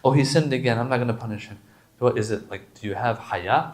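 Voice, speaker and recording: A man giving a conversational, animated religious lecture with slangy asides and Arabic recitation. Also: medium pitch, fairly quick. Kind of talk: sermon.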